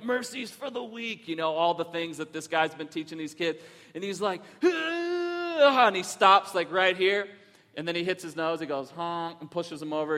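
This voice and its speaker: A man in his thirties delivers a sermon from a church stage, his voice sitting high. He tells stories animatedly and leans into points with rising emphasis. A long reverb from the sanctuary trails every phrase. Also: sharp tone. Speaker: pastor.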